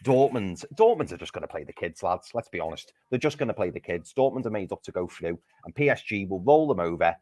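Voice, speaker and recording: A low-voiced man vents his fury after a football match, hammering the same points over and over and swearing. His voice is close and dry, recorded on a home mic in his living room. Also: lively intonation, fast, hardly any pauses, a little mellow, no room sound. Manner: furious, ranting, repeats himself for emphasis, swears. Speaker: football podcast co-host. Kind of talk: heated post-match fan chat on a livestream.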